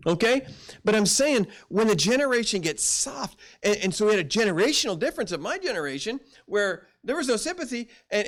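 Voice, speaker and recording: A man's voice: high voice, fairly bright tone. A middle-aged male pastor preaching a sermon in a folksy storytelling way, acting out quoted voices.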